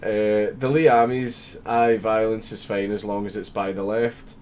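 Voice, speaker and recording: A man's voice: on the low side, level tone, measured pace, a little mellow, a little hiss or hum. A young man hosting a livestream, reading viewer messages aloud with constant swearing and frequent laughter. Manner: swears constantly, laughs often, mock-reads comments. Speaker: livestream host.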